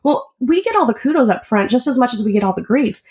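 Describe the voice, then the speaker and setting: A woman's voice: on the high side, lively intonation, fast talker, darkish tone. A woman who works as an auto shop service advisor, talking earnestly and at length as a podcast guest. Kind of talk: casual interview chat.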